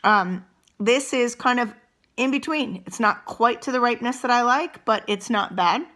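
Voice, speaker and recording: Middle-aged female wellness coach, bright tone, gentle unhurried guidance, talks while chewing. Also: fairly high pitch. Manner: eats and chews while talking. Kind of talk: guided mindful eating demonstration.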